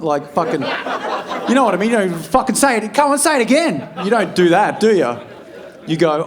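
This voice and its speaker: Swearing Australian stand-up comedian. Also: male voice, fairly high pitch, lively intonation, fast. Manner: loose, swearing storyteller acting out scenes. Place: comedy club stage. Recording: live room with a laughing crowd.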